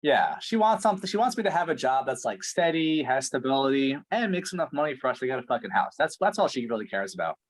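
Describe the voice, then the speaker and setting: A man's voice: mid-range voice, very animated, fast, few pauses. A man playing a frustrated prospect in a sales call role-play, ranting and swearing heavily. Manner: ranting, profane, exasperated.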